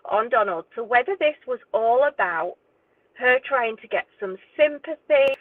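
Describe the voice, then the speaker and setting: A woman's voice: on the high side, lively intonation, moderate pace, no room sound. A woman ranting indignantly as a true crime YouTuber, swearing and exasperated. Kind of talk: angry direct-to-camera rant. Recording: tinny phone-like dry audio.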